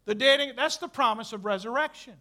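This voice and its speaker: A male preacher with a very high, sharp voice delivers a lively sermon. He jokes with the congregation in quiet asides, then builds to emphatic, shouted declarations. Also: fairly quick. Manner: emphatic, swings between soft asides and shouted bursts.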